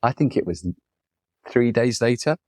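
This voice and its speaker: As a podcast guest, a photographer reflects in conversation through long, rambling personal stories, imitating the people he quotes. His mid-range voice is animated and darkish at a normal speed, recorded with studio quality and no echo.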